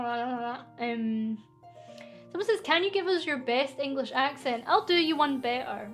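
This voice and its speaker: This is a young woman with a Scottish accent hosting a casual question-and-answer stream. Her voice sits high, and she rambles from one thought to the next with easy self-deprecation. Soft music plays faintly underneath. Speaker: VTuber streamer.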